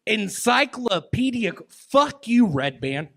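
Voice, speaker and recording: A man with a high-pitched, fairly bright voice and lively intonation performs as a stand-up comic guest at a comedy club. Using a handheld mic, he drawls through rambling, absurd bits and banter, slow and halting in delivery.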